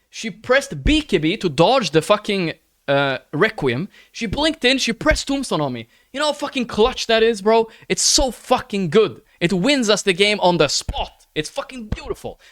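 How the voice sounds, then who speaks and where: Streaming live on a dry-sounding recording, a man with a high-pitched, fairly bright voice rants to his chat. He swears a lot, keeps asking "right?", and earnestly, pleadingly calls his listeners brother.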